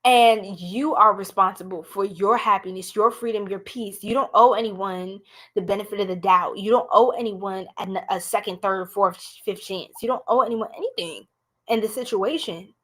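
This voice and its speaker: A woman with a New York accent giving a blunt, animated live tarot reading, talking straight to her viewers. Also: mid-range voice, moderate pace. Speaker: tarot reader.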